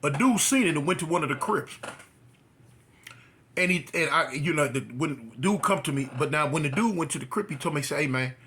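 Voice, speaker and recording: A man's voice: a little fast, slight background noise. A man from California, a former prisoner, telling his story in a casual way and acting out the dialogue. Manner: animated, acts out dialogue with rising pitch.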